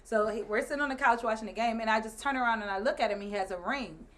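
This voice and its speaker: A woman in her thirties, a guest and the host's wife, telling a story in casual chat, animated and laughing as she acts out other people's lines. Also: fairly high pitch, fast talker.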